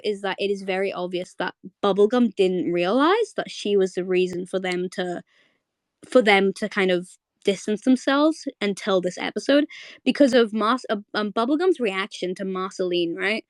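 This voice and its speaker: Brief: young woman chat host, excitable and emotional, casual cursing, dry close sound. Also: medium pitch, moderate pace, no echo. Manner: gushing, emotional, swears freely, rambling. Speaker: host of a live audio chat.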